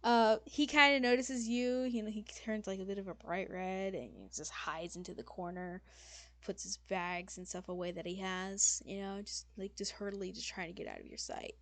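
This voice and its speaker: A woman's voice: medium pitch, normal speed, a bit bright, no room sound. A woman game master narrating a tabletop game in a loose, casual way, full of fillers and swearing.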